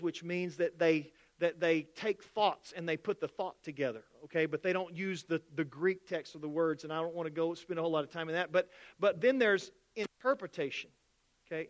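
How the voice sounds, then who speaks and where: A male pastor preaching a sermon, animated, acting out the voices of skeptics and shop clerks. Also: high-pitched.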